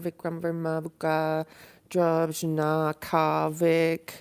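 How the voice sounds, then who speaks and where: Low, gravelly woman chatting on a livestream. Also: slow pace, long pauses. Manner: rambling, drifts between soft murmurs and excited greetings. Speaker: livestream host. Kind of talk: casual livestream chat. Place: apartment at home. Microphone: phone or webcam.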